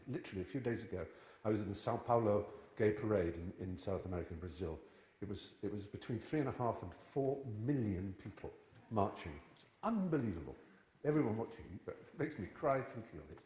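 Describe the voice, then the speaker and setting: A man's voice: on the low side, darkish tone. A man in his fifties, a guest speaker telling witty, digressive stories to a live audience. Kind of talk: storytelling talk to a live audience. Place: large church hall before an audience. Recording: echoey church hall.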